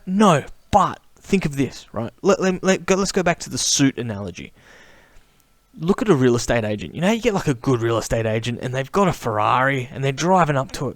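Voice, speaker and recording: A man in a casual, enthusiastic vlog monologue, chatty and animated, often calling the listener mate. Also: fairly high pitch, dry recording. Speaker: camera vlogger.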